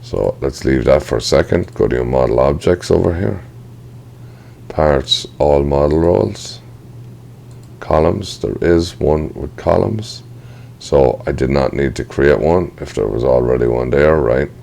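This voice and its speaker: Very deep, gravelly man teaching software. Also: a little slow. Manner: casual, thinks aloud, apologizes for slips. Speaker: software tutor. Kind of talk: screen-recorded software tutorial.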